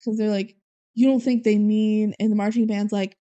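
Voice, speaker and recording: A woman's voice: mid-range voice, flat delivery, dark tone, smooth, dull audio. A woman co-hosting a podcast, casually recapping a movie and acting out characters' lines as she goes. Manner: retells scenes with quick quoted voices and laughs. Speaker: podcast co-host.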